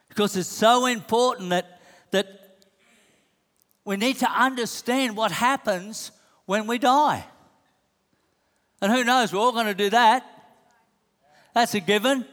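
Here a high-voiced, slightly bright male preacher takes his time, pausing often. His sermon keeps circling back to the same emphatic rhetorical questions, and the church hall adds a long reverb.

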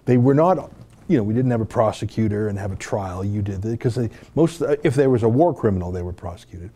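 A man from Canada delivers emphatic, indignant commentary to camera. His voice is very dark and mellow and sits a little low, and he presses his points with rhetorical questions. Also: expressive, fairly quick, slightly rough. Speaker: host and commentator.

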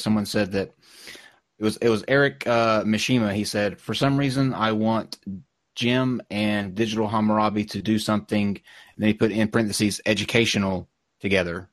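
A man with a somewhat low voice chats in a casual podcast discussion. He stammers and hesitates, with a close, dry sound. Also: no echo. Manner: hesitant, stammering, many fillers. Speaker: podcast co-host.

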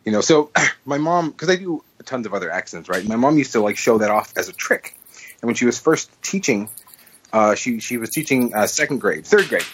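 A man's voice: medium pitch, lively intonation, fairly quick, a bit bright, a little hiss or hum, rough recording. A man co-hosting a podcast, chatting casually and telling stories animatedly with frequent restarts. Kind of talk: casual chat.

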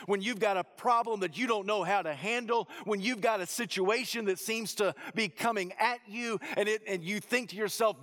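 High-voiced preacher with dramatic swings. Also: male voice, big-room sound. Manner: dramatic swings from loud rising peaks to low hushed phrases. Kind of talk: sermon.

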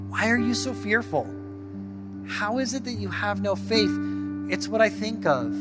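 A man preaching a sermon as pastor, talking in a conversational, animated way and telling stories to his church. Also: high voice, big-room sound.

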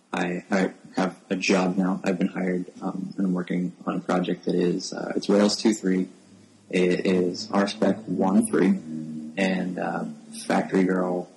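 A man, a software developer and podcast guest, talking casually into a close microphone, hesitant and self-deprecating with many restarts. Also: sits low, creaky, a little hiss or hum, rough recording. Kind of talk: casual tech podcast chat. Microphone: new close microphone.

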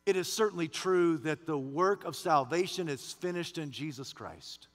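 A man's voice: fairly high pitch, moderate pace, fairly bright tone, long reverb tail. A man pastor preaching a sermon with rising fervor, posing questions to the congregation.

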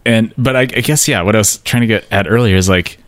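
Wry low-voiced man chatting dryly. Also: fast, fairly bright tone, no echo. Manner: dry, wry and joking, with fillers and laughs. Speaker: podcast co-host. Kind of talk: casual chat about song lyrics.

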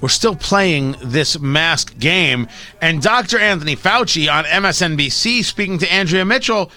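A man's voice: fairly high pitch, expressive, moderate pace, pushed and bright, faint music behind. A man hosting a talk radio show, delivering an opinionated, sarcastic monologue into a studio microphone. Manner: sarcastic, mocking, does voices.

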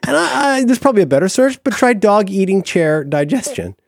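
A man's voice: high-pitched, a little fast, creaky, no echo, clean studio sound. A middle-aged man co-hosting a podcast in casual comedic chat, gushing and stammering through restarts. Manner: animated, gushing, mock-wistful, stammering restarts. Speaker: podcast co-host.

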